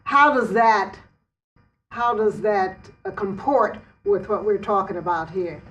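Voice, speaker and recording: A woman's voice: mid-range voice, a little slow, a bit bright. Thoughtful lady asking a question, sounds distant from the mic. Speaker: discussion participant. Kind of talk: casual group discussion. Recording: voice from far off the mic.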